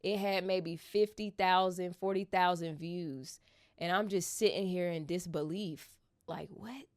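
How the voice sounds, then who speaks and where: Animated woman vlogger telling a story. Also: fairly low pitch, a little slow. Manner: addresses viewers as "y'all", animated, rising to excited squeals. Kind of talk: casual storytelling to camera.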